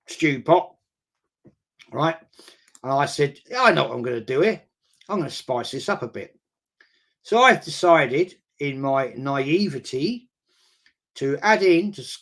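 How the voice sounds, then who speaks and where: A middle-aged man, hosting a casual football chat and reading out viewer comments in a rambling, chatty way. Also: a little high.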